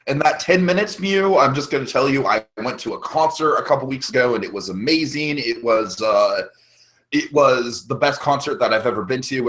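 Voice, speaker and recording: A man's voice: medium pitch, a bit bright, slightly rough, poor audio. A man hosting a podcast, chatting casually and enthusiastically, rambling with frequent restarts. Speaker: podcast host. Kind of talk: casual chat.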